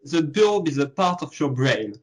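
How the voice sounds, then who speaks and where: A man's voice: fairly high pitch, very animated, normal speed, poor audio. A man from France with a French accent, guesting on an interview, searching for English words. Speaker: guest artist. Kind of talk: casual interview chat.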